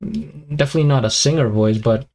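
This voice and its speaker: A man's voice: medium pitch, fairly quick, vocal fry, a little mellow. Chatty man with a tiring voice. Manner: rambling, thinks aloud with many fillers and restarts. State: voice tiring and weakening. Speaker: host of a live reaction stream. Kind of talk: casual live commentary, chatting with viewers.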